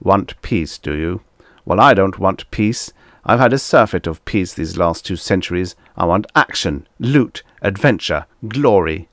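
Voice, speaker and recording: A man's voice: deep voice, expressive, measured pace, fairly bright tone, dry recording, studio quality, exaggerated voice. A man voicing a boastful, warlike alien male ruler who hoots and blusters in a storybook reading. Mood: blustering. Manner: hooting, blustering, bellowing.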